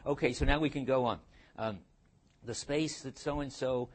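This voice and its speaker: A man's voice: mid-range voice, moderate pace. An older man giving a university philosophy lecture, thinking aloud with frequent restarts and fillers.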